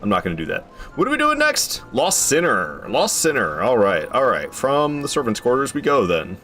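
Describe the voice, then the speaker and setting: A man casually chatting through a game stream, excitable and prone to swearing, swinging from mumbles to loud outbursts, recorded in a room at home. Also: mid-range voice, moderate pace, faint music behind. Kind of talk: casual gameplay commentary.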